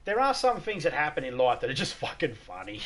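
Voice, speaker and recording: A man's voice: a little high, huge pitch swings, a little fast, fairly bright tone, slight background noise. A middle-aged Australian man chatting casually on a live stream, joking, swearing and laughing often.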